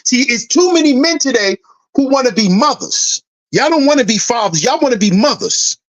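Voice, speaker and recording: Man, commentary host, ranting, preachy, emphatic, repeats himself, swears, lively up-and-down pitch. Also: moderate pace.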